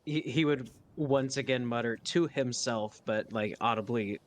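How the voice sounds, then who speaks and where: A man playing a tabletop game, describing his character in a halting, casual way. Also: medium pitch, a little hiss or hum. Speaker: player.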